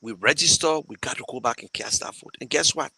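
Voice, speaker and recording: A man with a Liberian English accent talks casually to his viewers as host, in a bright, forceful voice. He is emotional and rambling, circling back and restarting often. The sound is close and dry, with no room around it. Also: medium pitch, a little fast, creaky, husky, no room sound, poor audio. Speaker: show host fundraising for a campaign. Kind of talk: casual live talk to viewers.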